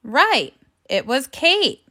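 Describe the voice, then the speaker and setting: A woman teaching a phonics and grammar lesson to young children, speaking slowly and carefully in an encouraging classroom manner. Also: sits high, sing-song, pushed and bright.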